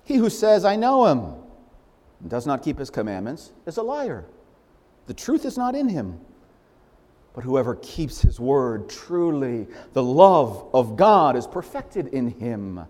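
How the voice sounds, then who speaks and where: A man preaching a sermon in an emphatic, animated way, repeating phrases for stress. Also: medium pitch, a little slow. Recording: long hall reverb.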